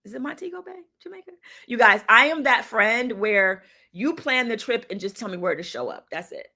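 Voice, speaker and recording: A woman's voice: medium pitch, animated, moderate pace, bright, forceful tone. A woman hosting a casual livestream, talking to her viewers in an encouraging, chatty way. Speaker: livestream host.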